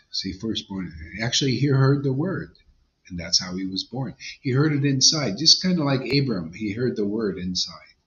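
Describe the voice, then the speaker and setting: A man's voice: lowish voice, pushed and bright. A man, a spiritual teacher, giving an informal devotional sermon in a blunt, emphatic, conversational way. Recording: dull lo-fi sound.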